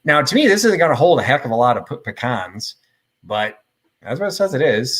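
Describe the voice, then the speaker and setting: A man's voice: a little high, a bit bright. A man in his fifties from the Chicago suburbs with a Midwestern accent, hosting a live vintage sale with joking, rambling, self-deprecating chat. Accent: Midwestern American. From suburbs of Chicago, Northern Illinois.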